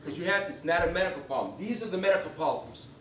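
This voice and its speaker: A man's voice: fairly high pitch, expressive, fast, recorded from a distance, slight background noise. A man presenting a live class on veterans benefits, folksy and emphatic, often checking in with "okay?". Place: convention meeting room. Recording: echoey room recorded from afar.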